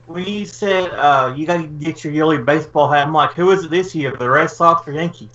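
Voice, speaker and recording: Bright-voiced joking man, off-mic. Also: on the high side, fairly quick, recorded from a distance, dull audio. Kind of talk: casual chat.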